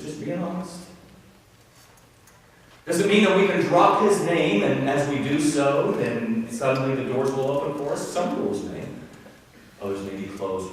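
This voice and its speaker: A man's voice: a little high, a little hiss or hum. A man preaching a sermon as pastor, chatty and self-deprecating, telling stories with quoted voices. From Ohio. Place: church sanctuary. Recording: reverberant church hall, mic at a distance.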